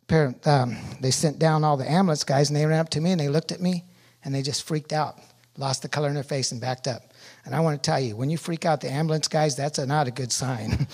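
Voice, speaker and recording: A middle-aged man giving a sermon testimony, telling his story with animated energy that rises loud at its peaks. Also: on the high side, slightly rough. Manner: animated storytelling, rising loud when reliving pain.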